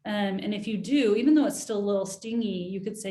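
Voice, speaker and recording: A woman guest on a podcast explains a coaching method. She acts out both sides of an exchange in a soft, even voice. Her voice sounds in a roomy, echoing space. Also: medium pitch, fast. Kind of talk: podcast interview, coaching advice.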